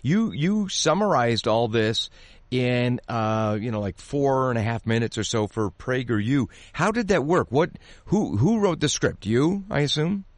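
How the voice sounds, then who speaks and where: A man's voice: mid-range voice, expressive, unhurried, dry recording. A man hosting an interview, reacting briefly and asking follow-up questions. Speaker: interview host.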